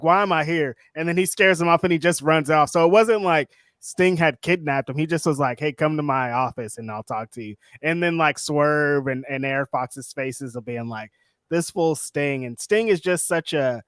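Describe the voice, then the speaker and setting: A man co-hosting a casual chat show, relaxed and rambling, with easy laughs. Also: a little high, smooth, no echo, clean studio sound. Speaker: podcast co-host.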